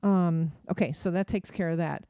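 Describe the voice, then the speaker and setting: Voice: mid-range voice, steady tone, normal speed, dark tone, clear, resonant tone, no room sound. Rambling radio host, dry close sound. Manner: rambling, lots of fillers and restarts; acts out quoted voices. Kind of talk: casual chat.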